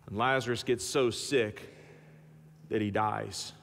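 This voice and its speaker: A man preaching a sermon as pastor, telling the story in an animated, folksy way with humorous asides. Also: takes it slowly, creaky, a little hiss or hum. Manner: animated storytelling with big swings in pitch and loudness. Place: church sanctuary. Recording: long church-hall reverb.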